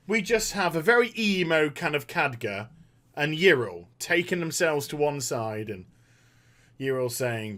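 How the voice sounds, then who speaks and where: A man's voice: a little high, very animated, a little slow, fairly bright tone. A man, sarcastically ranting about a game story, swearing freely and mocking characters. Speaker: gaming commentator. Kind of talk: animated opinion rant.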